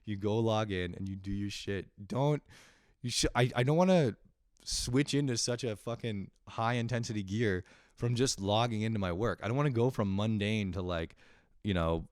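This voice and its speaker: A young man with a low, smooth voice talks through a loose, profane podcast monologue. He rambles, pokes fun at himself and laughs often. The sound is close and dry. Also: normal speed, darkish tone, no room sound. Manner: rambling, profane, self-deprecating, with frequent laughs. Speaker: podcast host. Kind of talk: casual solo podcast monologue.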